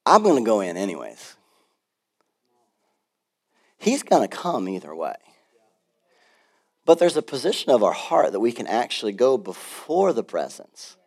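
A man pastor preaching a sermon in an animated, conversational way, with frequent asides. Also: mid-range voice, measured pace, long pauses.

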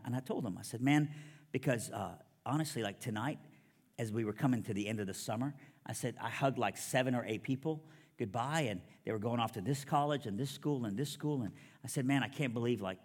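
A man preaching a personal testimony to a congregation, telling it as a story and acting out the dialogue. His middle-pitched voice carries a long reverb from a large hall. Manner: storytelling, animated quoted dialogue. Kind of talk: sermon testimony.

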